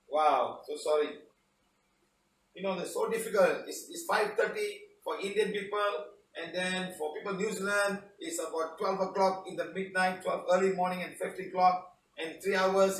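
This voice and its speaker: A man's voice: high-pitched, steady tone, normal speed, a bit bright, roomy sound, far from the mic, slight background noise, rough recording. A man teaching a live online healing session under a studio spotlight, chatty and often repeating "okay, guys".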